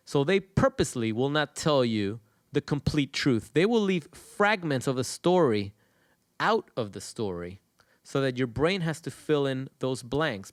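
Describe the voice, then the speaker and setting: A man's voice: a little high, no room sound, clean studio sound. A man hosting his channel, talking to viewers in an emphatic, repetitive, profane monologue. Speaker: channel host.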